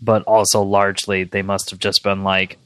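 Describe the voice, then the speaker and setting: A man's voice: sits low, level tone, normal speed, fairly bright tone, clear, resonant tone, no echo. A man co-hosting a casual wrestling podcast, wry and sarcastic, laughing often. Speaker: podcast co-host.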